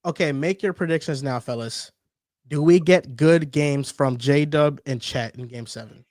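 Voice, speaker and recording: A man hosting a casual sports debate show, talking in an animated, teasing, emphatic way. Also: on the high side, measured pace, no echo, studio quality. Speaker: sports talk show host.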